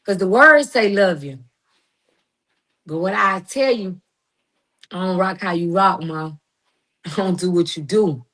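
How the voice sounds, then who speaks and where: A woman's voice: lowish voice, measured pace, long pauses, fairly bright tone. A middle-aged woman in a heated, emphatic monologue, confronting someone with slang and preachy turns. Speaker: guest responding to critics.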